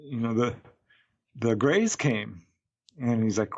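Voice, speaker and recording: Man, podcast guest, chatty storyteller, mid-pitched voice, muffled audio. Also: slow pace. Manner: chatty storyteller who acts out quotes and chuckles often. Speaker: guest, UFO researcher. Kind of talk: recounting a case in a podcast interview.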